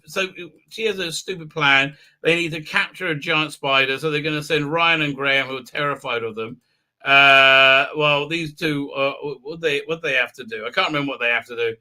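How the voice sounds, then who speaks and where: Male live-stream host, raised pitch, very bright tone, rambling and sarcastic. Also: clear, resonant tone. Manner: rambling, sarcastic, many fillers.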